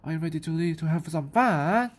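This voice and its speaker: A woman's voice: low voice, lively intonation, a little fast. Woman reading as a doting, cooing sorceress. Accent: New Zealand. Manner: cooing, indulgent. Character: doting sparkly babysitter sorceress, hard of hearing. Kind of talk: children's picture book read aloud.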